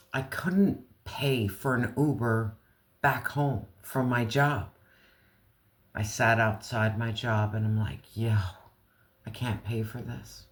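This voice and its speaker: A tarot reader giving a casual reading, talking straight to the viewer in blunt slang and swearing freely. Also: mid-range voice. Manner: speaks slowly, talks straight to viewer.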